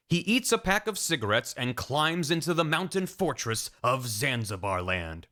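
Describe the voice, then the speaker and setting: A man's voice: a little high, sing-song, normal speed, few pauses, bright, forceful tone. A man narrating a comedic video game recap, playful and jumping between silly voices. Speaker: streamer.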